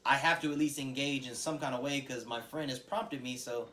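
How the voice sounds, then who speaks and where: A man's voice: mid-range voice, fairly quick. A man co-hosting a casual podcast chat, telling stories animatedly and acting out what people say. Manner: animated storyteller acting out quoted voices. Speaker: podcast co-host.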